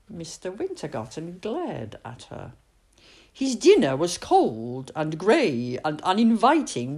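A woman reading a picture book aloud, expressive, with dramatic pauses. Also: lowish voice, breathy edge. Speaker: storyteller.

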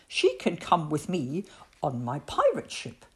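A woman voicing a proud male pirate captain who barks orders in a loud, raised voice while reading a storybook aloud. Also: huge pitch swings, unhurried, exaggerated voice. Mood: cheerful. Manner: loud, high, commanding calls.

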